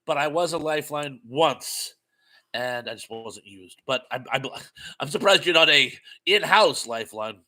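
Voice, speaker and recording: An older New England livestreamer speaks a little slowly in a voice on the high side. Using a headphone mic, he reads chat messages and rambles through stories, chatty and full of lively swings.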